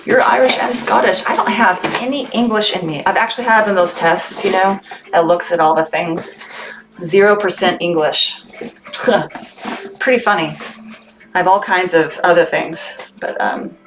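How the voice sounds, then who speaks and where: She's an adult veteran from Texas hosting a chatty, upbeat live-stream sale for her candy business and thanking viewers by name. Her voice is on the low side, steady and at normal speed, with a noisy background.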